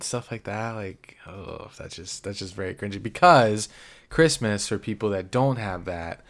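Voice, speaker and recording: A man co-hosting a casual chat, animated and quick to react, describing a play he watches. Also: lowish voice. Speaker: podcast co-host.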